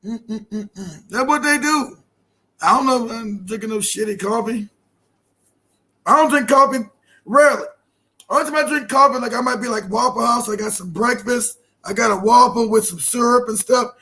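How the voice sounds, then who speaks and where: A man hosting a casual podcast chat, joking loudly and slipping into shouted scolding voices. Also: very high-pitched, moderate pace. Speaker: host.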